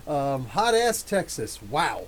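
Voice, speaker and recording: A man's voice: a little high, very animated, slow. A man hosting a casual live-stream podcast, greeting chat viewers by name with light jokes and mild swearing. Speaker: podcast host. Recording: faint hiss.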